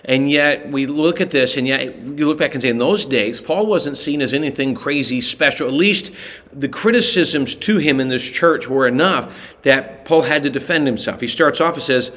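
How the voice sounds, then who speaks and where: A man teaching a relaxed daily Bible study, talking conversationally and often stopping to correct himself. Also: mid-range voice, normal speed.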